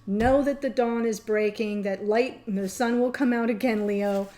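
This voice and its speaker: A woman's voice: on the high side, steady tone, measured pace, mellow. A middle-aged woman giving a casual tarot reading to camera, chatty and meandering, often laughing and getting emotional. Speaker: tarot reader.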